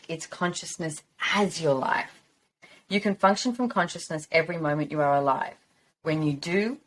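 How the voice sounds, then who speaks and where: Low-voiced chatty woman podcast host. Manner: chatty, rambling, encouraging. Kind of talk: casual monologue.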